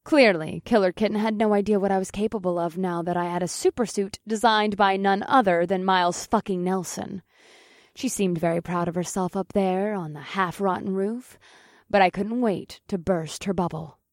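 A woman narrating a first-person audiobook in a steady, matter-of-fact voice, with casual swearing. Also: mid-range voice, normal speed, no echo, studio quality.

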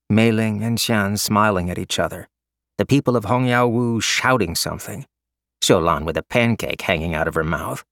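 A man's voice: lowish voice, dry recording, clean studio sound. A man reading a story aloud in a casual, wry narrating voice. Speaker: audiobook narrator. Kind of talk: scripted narration.

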